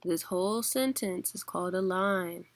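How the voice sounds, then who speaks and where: A woman's voice: fairly low pitch, normal speed, no echo. A woman teaching a casual online lesson, explaining patiently with filler words and occasional chuckles. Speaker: poetry teacher.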